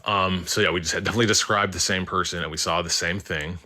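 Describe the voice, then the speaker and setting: A man's voice: deep voice, steady tone, quick pace, bright, forceful tone. A young man calling in to a livestream, telling a ghost story in a rambling, casual way full of "like" and filler words. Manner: rambling, heavy use of "like" and fillers. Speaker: caller.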